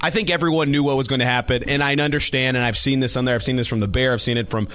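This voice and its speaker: A man's voice: mid-range voice, steady tone, racing, fairly bright tone. Rambling male sports radio host. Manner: rambling, repeats and restarts phrases. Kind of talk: casual sports talk radio.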